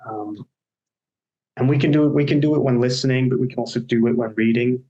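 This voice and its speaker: A man's voice: medium pitch, a little fast, dark tone, muffled recording. A man co-hosting a casual discussion on coaching. He explains ideas by walking through examples and anecdotes. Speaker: agile coach, podcast co-host.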